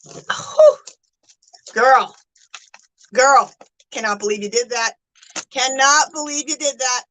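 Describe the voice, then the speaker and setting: A woman's voice: sits high, slow, fairly bright tone, poor audio. A woman hosting a casual craft livestream, chatting with viewers and gushing with thanks. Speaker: livestream host.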